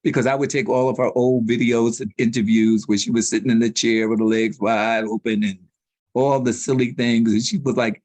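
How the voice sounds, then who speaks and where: A man telling stories as a guest in a sit-down interview, animated and slangy. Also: medium pitch, fairly quick, dry recording. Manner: animated storyteller with street slang. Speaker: public relations consultant, interview guest.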